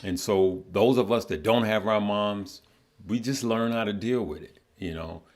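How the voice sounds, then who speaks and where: A middle-aged man with a fairly low voice hosts a casual livestream. He speaks earnestly and haltingly, repeating words as he talks to his viewers. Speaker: livestream host. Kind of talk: casual heartfelt livestream talk.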